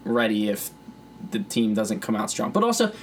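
A man's voice: lowish voice, very animated, moderate pace, slight background noise. Rambling, laughing young man. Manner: rambling, swears freely, laughs often. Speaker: podcast co-host. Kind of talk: casual chat.

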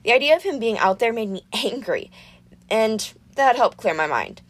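Lively, high-voiced woman narrating a story. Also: moderate pace. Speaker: audiobook narrator. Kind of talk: first-person audiobook narration.

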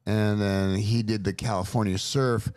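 A middle-aged man from Los Angeles, a guest telling lively, profane stories about his father in casual chat. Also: lowish voice, unhurried. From Los Angeles, USA. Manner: profane, lively anecdotal storyteller. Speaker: interview guest. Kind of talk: casual storytelling.

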